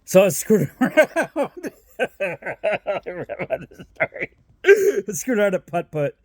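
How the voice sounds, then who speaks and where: A man's voice: high voice, sing-song, a little slow, darkish tone, no room sound, clean studio sound. A man from Toledo, Ohio telling rambling personal stories in a casual vlog, laughing often, swearing freely and doubling back on himself.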